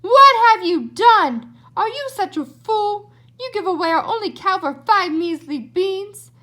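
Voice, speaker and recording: A woman's voice: high-pitched, animated, normal speed, pitched above the performer's own voice. A woman reading a storybook aloud, voicing a poor widowed mother who scolds her son. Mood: furious.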